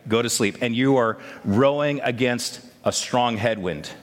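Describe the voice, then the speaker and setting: A man preaching a sermon, telling the story in a lively way and acting out the voices of the people in it. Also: medium pitch, a little slow, in a large hall. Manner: animated storytelling, acts out voices of disciples.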